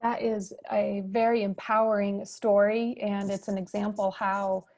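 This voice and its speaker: A woman with a gravelly, creaky edge to her mid-pitched voice moderates a fireside chat. She explains ideas in a measured, teacherly way, heard over a video call. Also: little pitch movement, darkish tone.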